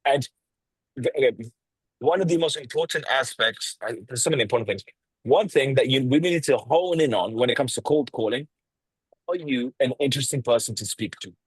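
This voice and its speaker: Guy coaching sales over a video call, swears a lot, husky voice, really dry sound, lots of pauses and punchy emphasis. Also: mid-range voice, dry recording, poor audio. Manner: blunt, swears freely, lively tonality with pauses and emphasis.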